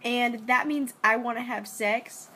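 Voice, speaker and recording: A young woman talks straight into her phone camera in a loose, rambling way. She jokes a lot and fills her sentences with "like". Her voice sits a little on the high side. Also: fairly even intonation, unhurried, bright, forceful tone, husky. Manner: rambling, joking, heavy use of "like". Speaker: vlogger. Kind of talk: casual selfie-story chat.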